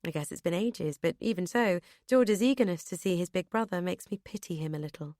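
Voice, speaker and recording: Woman narrating an audiobook, dry and low. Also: fairly quick, darkish tone, no room sound. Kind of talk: scripted first-person narration.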